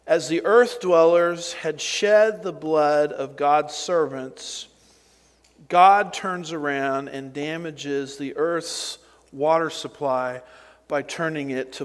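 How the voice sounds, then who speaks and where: Male pastor, sermon delivery, unhurried, emphatic, reverberant hall. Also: fairly high pitch. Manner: slow, deliberate preaching with emphatic rises and asides.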